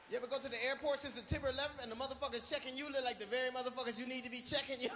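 A male comedian doing a loud, profane, punchy live stand-up routine. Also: very high voice, rapid-fire, slight background noise.

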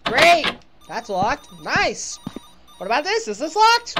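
A high-pitched woman narrates her play-through of a horror game, joking and sarcastic as she goes. She talks back to the game as if it could hear her. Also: big pitch swings, a little slow, background noise. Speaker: let's play gamer. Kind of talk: casual gameplay commentary.

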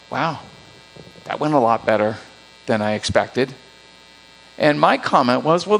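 Middle-aged man, high-pitched, speaking to parents at a school forum, lively storyteller, echoing auditorium. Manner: animated storytelling with acted quotes. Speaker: school psychologist presenting to parents. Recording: long hall reverb.

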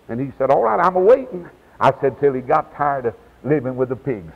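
A man preaching as an evangelist at a revival, swinging from low asides to high shouted cries. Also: lively intonation, a little fast, creaky, slightly rough. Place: church. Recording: dull lo-fi 1990s church tape.

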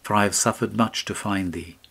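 Man doing a ragged beggar mom, begging and sad, low voice. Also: fairly even intonation, a little fast, creaky, fairly bright tone, breathy edge, heavily acted. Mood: pleading. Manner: pleading, mournful. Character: poor ragged beggar woman, grieving mother.

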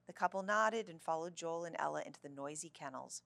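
A woman reads a children's novel aloud, giving the story expressive life. Her voice sits low with a gravelly edge. The sound is dry and close. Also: fairly quick, no room sound.

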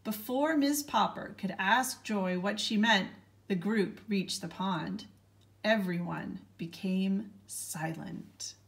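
A woman narrating a children's storybook aloud with a clear, gentle storytelling delivery. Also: mid-range voice, slow.

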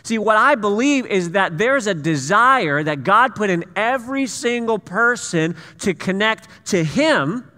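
Male pastor, higher voice, conversational storyteller, church hall reverb. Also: animated, unhurried, hardly any pauses, sharp tone. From US Pacific Northwest. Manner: conversational storytelling with self-deprecating humor. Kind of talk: sermon. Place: church sanctuary.

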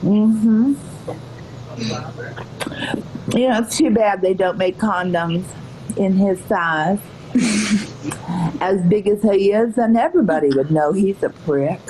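Put-on Southern church lady, woman doing it, slow drawl, pious scold, noisy stream. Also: medium pitch, lightly acted. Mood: gossiping. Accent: put-on American Southern. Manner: slow drawl, scolding, sing-song "mm-hmm"s. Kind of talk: mocking impression on a live stream.

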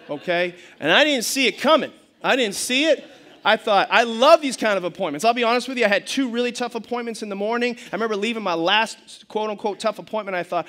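A middle-aged man preaching a sermon as pastor, animated and given to acting out quotes, with frequent fillers and restarts. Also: high voice, brisk.

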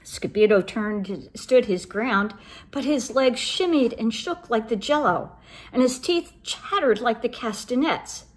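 Casting note: woman storyteller, picture-book read-aloud, animated, swooping pitch. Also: unhurried. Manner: expressive, animated reading.

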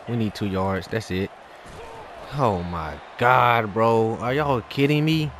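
Low-voiced man ranting over a game. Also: slight background noise. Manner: exasperated ranting at the game, swinging between muttering and shouting. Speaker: gaming YouTuber. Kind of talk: live gameplay commentary.

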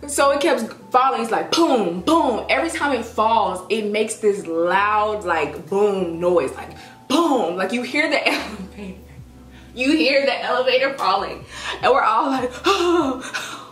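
A young woman vlogger telling a story in a casual, dramatic, animated way. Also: fairly high pitch, a little slow. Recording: echoey room with faint music.

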